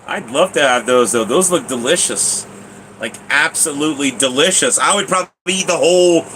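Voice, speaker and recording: Excitable bright-voiced male streamer. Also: on the high side, moderate pace, slight background noise, low-quality recording. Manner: excitable, rambling, laughs often. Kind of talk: casual live stream chat.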